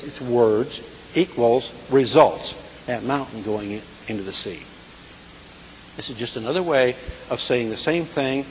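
A man teaching a sermon in a conversational way, often checking in with his listeners. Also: medium pitch. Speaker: Bible teacher. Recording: echoey hall with faint hiss.

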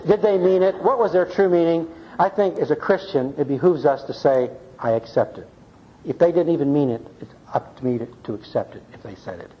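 A man's voice: on the high side, a little fast, breathy edge. An older man leading a church Bible class in a folksy, earnest way, often checking in with "see?" and "okay?". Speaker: Bible study teacher. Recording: muffled lo-fi recording.

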